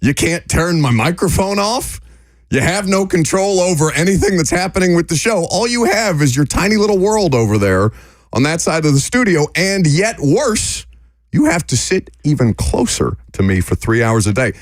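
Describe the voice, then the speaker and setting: A man's voice: fairly high pitch, very animated, moderate pace, dry recording, clean studio sound. A man hosting sports radio, out of breath and talking in a sarcastic, mock-outraged way. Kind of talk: sports talk radio banter. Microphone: studio microphone.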